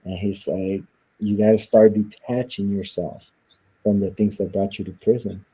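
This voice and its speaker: A man with a fairly low, slightly rough voice and a dark tone speaks at a moderate pace with little pitch movement, on a rough recording. As an interview guest, he earnestly tells a reflective personal story, acting out the voices of the people in it.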